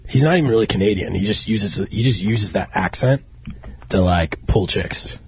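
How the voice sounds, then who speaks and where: A man's voice: on the low side, moderate pace, darkish tone, slight background noise. A man hosting a podcast, telling boastful stories in crude, casual banter. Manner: boastful storyteller, laughs at his own jokes. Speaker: podcast host.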